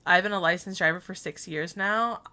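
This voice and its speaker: A bright, clear-toned woman in her twenties chats away on a game stream. She tells stories in a loose, rambling way, laughs often and acts out what she said back then. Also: on the low side, fairly quick. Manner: chatty storytelling, laughing often, quoting herself. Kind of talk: casual chat while streaming a game.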